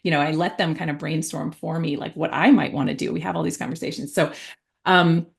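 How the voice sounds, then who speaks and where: A woman's voice: low-pitched, steady tone, brisk, vocal fry. A woman in her forties, an author telling a parenting story in a chatty way, with many fillers and restarts. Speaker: author and guest. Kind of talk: conversational storytelling.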